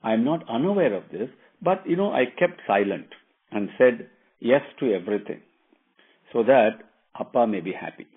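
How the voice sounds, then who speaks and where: A calm, noble young prince speaks in a measured, husky voice, voiced by a male storyteller. The audio is thin and narrow, like a phone call. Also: medium pitch.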